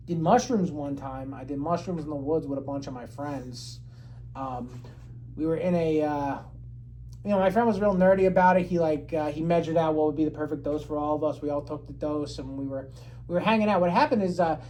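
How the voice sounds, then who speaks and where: Male podcast storyteller, animated and foul-mouthed, with a lively delivery. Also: fairly quick, slight background noise, rough recording. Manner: animated, swears a lot, jumps high when quoting himself. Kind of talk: casual chat, storytelling.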